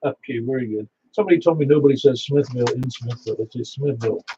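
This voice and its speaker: A man's voice: medium pitch, very fast, mellow, slightly rough. A man acting as net control for an amateur radio net, reading out announcements in a rambling, folksy way and repeating details to confirm them. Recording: slightly dull sound with faint hiss.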